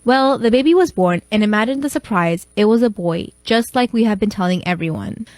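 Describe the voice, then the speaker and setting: A woman's voice: medium pitch, expressive, brisk, darkish tone, no echo. A young woman who recently became a mother, telling a first-person storytime with blunt exasperation.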